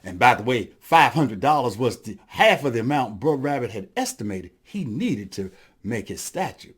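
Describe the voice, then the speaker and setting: A man telling a folktale as a storyteller, lively and addressing the audience, adding sound effects as he goes. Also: medium pitch, normal speed, husky.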